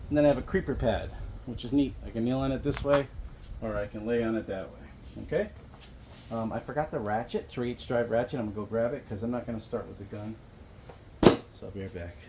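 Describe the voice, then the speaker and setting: A man's voice: medium pitch, mellow, slight background noise. A man talking casually through a do-it-yourself car repair, rambling and explaining each step as he works. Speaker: DIY car repair vlogger. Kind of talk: casual how-to walkthrough.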